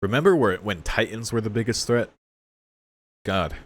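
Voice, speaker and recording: A man with a lowish, slightly rough voice speaks animatedly at normal speed. A reaction video creator, he gives casual commentary on a show episode, exclaiming, swearing often and talking back to the characters on screen.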